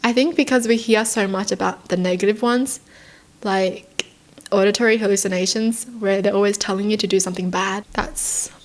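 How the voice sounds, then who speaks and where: Reacting to stories being read out on her channel, a young woman with a mid-range voice keeps things casual. She gets excited easily, asks question after question in rapid succession, and fills her speech with "like" and relaxed asides.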